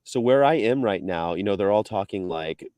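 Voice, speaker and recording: A man chatting casually on a live video stream, laughing often and breaking into high mock voices when he quotes people. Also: expressive, normal speed, darkish tone, no echo. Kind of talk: casual chat.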